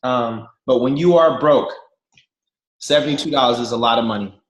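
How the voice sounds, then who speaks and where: This is a man in his thirties with a mid-range voice and a moderate pace, entertaining a group on a video call with spirited, slang-heavy, joking stories. He addresses them directly, and the room echoes.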